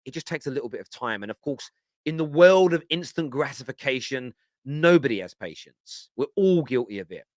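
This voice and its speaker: A man's voice: medium pitch, lively intonation, a little fast, no room sound, clean studio sound. A man giving a passionate, emphatic fan reaction on a live football stream. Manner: passionate, emphatic, repeats himself. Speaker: fan channel pundit.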